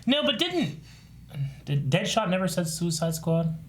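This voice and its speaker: Animated man chatting about a show. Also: high-pitched, a little slow, crowd noise. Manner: animated, laughs often, acts out quotes. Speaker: show host. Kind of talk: casual reaction chat.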